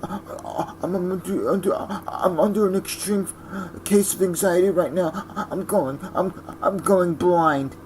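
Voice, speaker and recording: A man's voice: sits high, takes it slowly, a little mellow, a little hiss or hum, pitched above the performer's own voice. A man mocking a whiny talent show contestant. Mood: whining.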